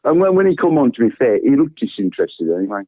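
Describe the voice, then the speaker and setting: A man's voice: medium pitch, big pitch swings, fast. A man calling into a live phone-in, chatting bluntly and swearing about football, laughing often. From English Midlands. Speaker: phone-in caller. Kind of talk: casual football chat. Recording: tinny phone line.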